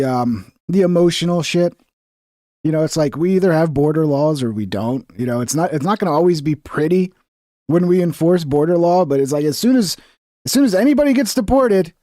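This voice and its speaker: A man's voice: on the high side, warm tone, no echo, studio quality. A young man hosting a casual livestream, talking bluntly and sarcastically with lots of swearing. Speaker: streamer reacting to news.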